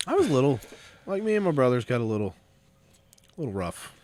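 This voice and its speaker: Teasing man with a very lively pitch. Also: no room sound. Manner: teasing, quick banter. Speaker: podcast co-host. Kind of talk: casual chat.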